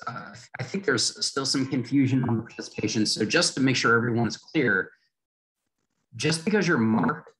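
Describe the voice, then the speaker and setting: A man hosts the questions part of an online training session. His voice is mid-pitched. He restates points carefully so no one is confused. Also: fairly bright tone, poor audio. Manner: clear, explanatory, repeats to make points plain. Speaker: webinar moderator. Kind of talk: webinar Q&A.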